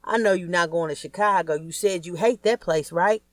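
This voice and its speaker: A woman's voice: fairly low pitch, moderate pace, no echo, studio quality, lightly acted. Woman doing a cocky older rich man. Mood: teasing. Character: boastful older rich man, teasing, joking.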